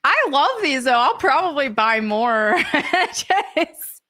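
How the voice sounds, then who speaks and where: An American woman streaming live from home, chatting excitedly as she unboxes collectible figures at her desk mic. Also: high-pitched, a little slow. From United States. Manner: excitable and gushing, with gasps and laughs.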